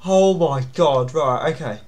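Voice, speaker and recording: A man's voice: mid-range voice, slow pace. A man giving nervous, jumpy commentary on a horror game, with sudden startled yelps. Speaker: gaming YouTuber.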